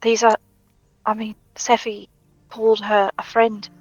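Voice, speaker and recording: A woman's voice: mid-range voice, completely flat delivery, measured pace, highs cut off. A woman playing a tabletop game, chatting casually and thinking aloud as she asks questions. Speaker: player.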